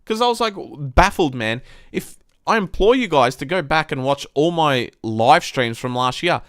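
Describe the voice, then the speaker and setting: Ranting man, lively voice. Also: a little high, moderate pace, no echo, clean studio sound. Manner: frustrated, heavy swearing, ranting; excitable, voice jumps up when worked up. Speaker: live-stream host. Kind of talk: live-stream footy review.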